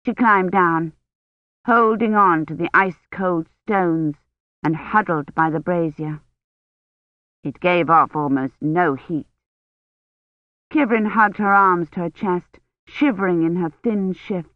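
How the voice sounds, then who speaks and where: A woman narrates an audiobook in a steady, even storytelling voice. The sound is tinny and phone-like, with no room echo at all. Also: on the low side, slow pace. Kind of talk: scripted narration.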